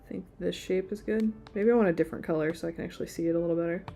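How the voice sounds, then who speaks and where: A woman's voice: fairly low pitch, steady tone, racing, dark tone, soft background music. A woman in her thirties, chatting casually while she draws during a live stream. She rambles and uses a lot of filler words. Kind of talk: casual chat while drawing.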